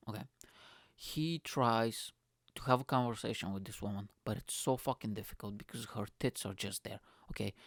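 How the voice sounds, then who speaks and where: A male comedian hosting his solo podcast, telling stories in a hyper, swearing, fast-running rant on a close mic. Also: lowish voice, dry recording.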